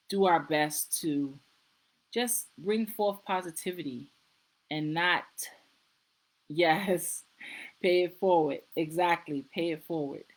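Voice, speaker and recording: A woman's voice: lowish voice, rough recording. A middle-aged woman, a nurse practitioner, hosting a casual live-stream talk, earnest and repeating herself as she goes. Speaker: host.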